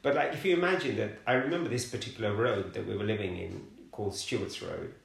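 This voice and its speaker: A middle-aged man from London telling his life story in an interview, halting and repeating words as he searches for them. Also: on the low side, vocal fry. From London, England. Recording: roomy echoey room.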